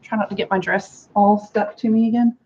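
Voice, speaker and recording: A woman chatting casually through a hair styling tutorial at home, sarcastic and quick to laugh. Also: mid-range voice, fairly even intonation, a little mellow, dull audio. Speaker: beauty vlogger. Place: home room with a fan.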